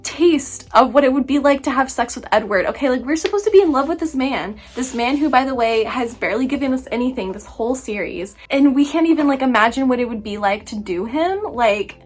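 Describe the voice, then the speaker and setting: A young woman vlogging about a book she just read, talking casually with animated, exaggerated asides and frequent laughter. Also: high-pitched, brisk, few pauses. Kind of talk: casual book review vlog.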